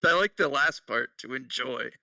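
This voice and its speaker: A man's voice: medium pitch, moderate pace, vocal fry, no room sound, recorded from a distance, low-quality recording. A man co-hosting a casual podcast, laughing often and swearing while he reads out notes. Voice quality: bright, laughing, profane. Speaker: podcast co-host. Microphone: headset.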